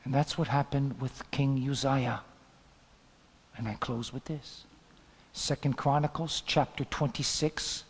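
A male pastor preaching a sermon, swinging between loud emphatic peaks and low hushed asides. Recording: long hall reverb.

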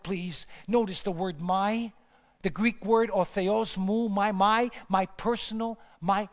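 A man preaches with a high, ringing voice. His phrases come back again and again for emphasis and rise to fervent peaks. The sound carries the long reverb of a large church hall. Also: steady tone, slow pace. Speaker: pastor. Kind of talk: sermon.

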